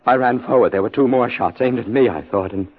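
A man's voice: medium pitch, fairly quick, slightly rough, natural voice. An actor playing a distraught, stammering young newlywed man in a 1950s radio drama. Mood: shaken. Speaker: widowed groom. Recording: dull old radio broadcast.

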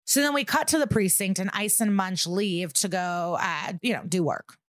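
A woman co-hosting a podcast, recapping an episode in casual, animated chat and swearing freely. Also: medium pitch, normal speed, dry recording, clean studio sound. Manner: animated, swearing, acts out quotes. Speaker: podcast co-host.

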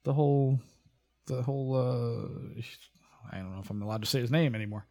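A man's voice: mid-range voice, fairly quick. Laid back guy on a podcast, rambles a bit, laughs a lot. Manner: relaxed, laughing, rambling with fillers. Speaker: guest and pipe band member. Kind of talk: casual chat.

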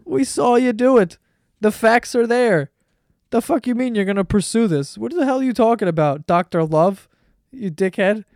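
A man's voice: high voice, moderate pace, a little mellow, no echo, studio quality. A man hosting a podcast, telling stories in a rambling, profane way and laughing often. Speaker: podcast host. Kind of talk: casual solo storytelling.

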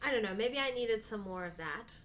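Bright-voiced gushing woman podcast co-host. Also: fairly high pitch, lively intonation, a little hiss or hum. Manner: effusive, quick to laugh and gush. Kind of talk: casual movie review chat.

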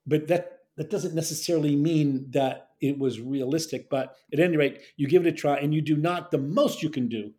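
A man, a dialect coach telling stories in a relaxed interview and acting out the lines he quotes. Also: fairly high pitch, fairly quick, few pauses. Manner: animated storyteller, acts out quotes. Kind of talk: conversational interview.

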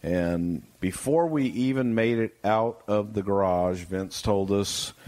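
A man's voice: lowish voice, slow, darkish tone. A man reminiscing in a casual chat, meandering and correcting himself as he goes. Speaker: guest recounting events.

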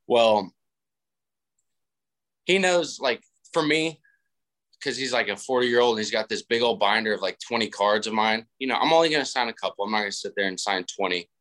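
A man in his twenties, the guest on a casual podcast, telling stories in a laid-back way and acting out quoted people in a higher voice. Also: fairly quick, fairly bright tone. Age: 20s. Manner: laid-back storytelling, acts out quotes with raised pitch.

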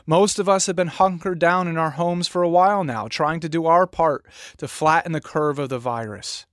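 Male pastor from New Jersey, higher voice, dramatic sermon delivery, dry close mic. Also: dry recording. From New Jersey, USA. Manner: dramatic storytelling delivery, slowing and dropping low on key words.

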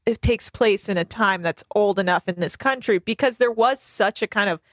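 A woman's voice: mid-range voice, moderate pace, dry recording. A woman chatting as a podcast guest, rambling and poking fun at herself. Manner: rambling, self-mocking. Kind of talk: casual chat.

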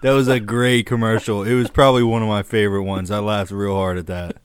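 A man's voice: lowish voice, flat delivery, a little fast, clear, resonant tone, no echo. Man, casual comedy chat, laughs a lot, dry close sound. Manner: laughs often, slips into put-on regional voices.

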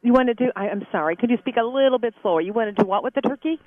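A woman's voice: on the high side, very fast, no echo, phone-quality sound. A woman working as a turkey hotline operator, patient and polite, apologizing often to a confusing caller. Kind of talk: phone customer service.

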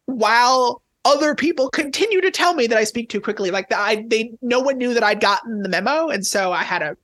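A man who is a tennis journalist, chatting as a podcast guest, talking quickly and excitably with lots of restarts. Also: very high-pitched, no echo. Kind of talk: casual podcast chat.

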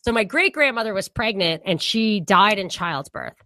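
A woman's voice: medium pitch, lively intonation, normal speed, bright, forceful tone. A woman co-hosting a podcast, talking through political ideas in a rambling, casual way with frequent restarts. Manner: rambling, restarts often, laughs easily. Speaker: podcast co-host.

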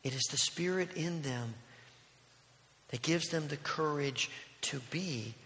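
A man preaching a sermon as a pastor, telling a story that moves between loud, urgent passages and hushed ones. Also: on the high side, slow pace. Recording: long reverb of a large hall.

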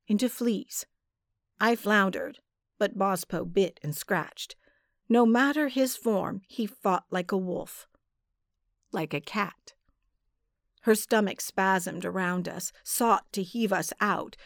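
A woman narrating a dark fantasy story in a measured, dramatic storytelling manner. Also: mid-range voice, dry recording, studio quality. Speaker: audiobook narrator. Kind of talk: scripted narration.

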